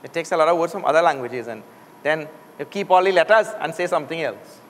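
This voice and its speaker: Guy from trinidad teaching a language class, high voice, lots of hall echo. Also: lively intonation, fast talker. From Trinidad and Tobago. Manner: drills sounds aloud for students to repeat. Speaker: Sanskrit teacher. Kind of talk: classroom lesson. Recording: long hall reverb.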